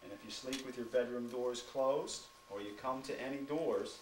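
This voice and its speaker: A man's voice: medium pitch, normal speed. Male firefighter, classroom talk to preschoolers, patient and questioning, echoey classroom. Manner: patient, asks the kids lots of simple questions. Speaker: firefighter teaching preschoolers fire safety. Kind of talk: classroom talk to small children. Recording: echoey room from far off, noisy.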